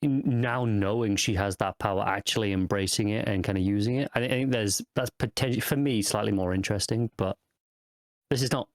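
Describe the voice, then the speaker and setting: A man's voice: fairly low pitch, a little fast, no room sound, clean studio sound. A man co-hosting a podcast who discusses a TV episode in a casual, thoughtful way, often hedging his points. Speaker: podcast co-host. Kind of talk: casual TV review chat.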